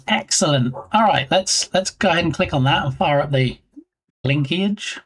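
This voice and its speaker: A man's voice: a little high, measured pace. A man streaming live and chatting casually with his viewers in a playful, teasing way. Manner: playful, jokey, teasing chat.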